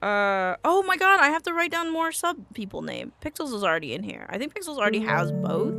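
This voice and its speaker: Excitable high-voiced woman gaming streamer. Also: moderate pace, vocal fry, no room sound, soft background music. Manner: excitable, swings from yelps to muttering, swears a lot. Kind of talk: live gaming stream chat.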